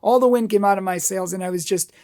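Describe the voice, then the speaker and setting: Earnest gravelly-voiced man teaching. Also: high-pitched, quick pace, a little mellow. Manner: earnest, acts out dialogue in asides. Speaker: Catholic dating teacher. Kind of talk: teaching talk.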